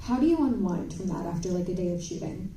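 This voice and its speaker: A woman's voice: lowish voice, animated, fast talker, background noise. A woman moderating a convention panel, asking questions in a gushing, eager way, recorded on a phone from the audience. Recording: echoey hall, phone from far off.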